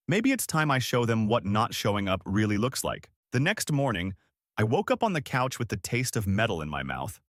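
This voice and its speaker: Guy in his 30s reading a reddit-style story, low voice, swings up and down a lot, sarcastic, dry close sound. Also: a bit bright, dry recording. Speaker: story narrator. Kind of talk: scripted first-person story narration.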